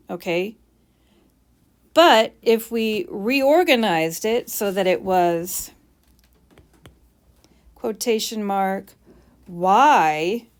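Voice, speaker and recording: A woman teacher explaining punctuation while writing, with playful mock bragging asides. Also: mid-range voice.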